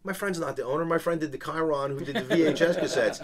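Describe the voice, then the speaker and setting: A man's voice: on the high side, fast talker, over a noisy crowd. A man, telling a long business story on a podcast and acting out the people in it. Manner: animated, acts out quoted people. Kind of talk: casual storytelling.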